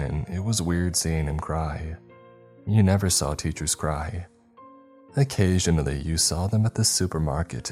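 A man narrating a scripted horror story in a measured, storytelling manner. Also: sits low, a little mellow.

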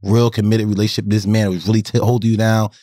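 A man's voice: on the low side, level tone, fast talker, dark tone, dry recording, studio quality. A man co-hosting a podcast in casual chat, blunt and rowdy, cutting in on the others. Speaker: podcast co-host.

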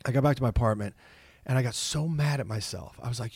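Man, middle-aged, comedian guest, casual storytelling, lively, dry close sound. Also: mid-range voice, fast, husky, no echo. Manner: animated storyteller, acts out his own inner voice. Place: office.

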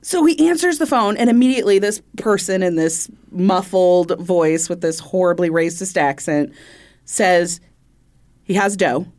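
A woman co-hosting a casual true-crime podcast, telling the story in an animated, giggly way. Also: fairly low pitch, measured pace. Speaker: podcast co-host.

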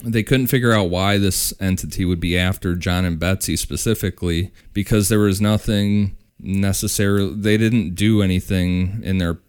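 A man with a very deep, clear voice who tells a ghost story at an easy pace. He stops now and then with "uh" to find the words. It is a laid-back podcast chat. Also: moderate pace, few pauses. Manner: relaxed, with fillers and restarts. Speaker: podcast host. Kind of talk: casual storytelling.

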